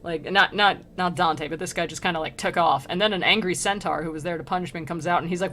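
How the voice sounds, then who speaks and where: A woman's voice: on the low side, steady tone, fast, hardly any pauses, fairly bright tone. A woman streamer reading an old poem aloud and retelling it in casual slang, laughing often.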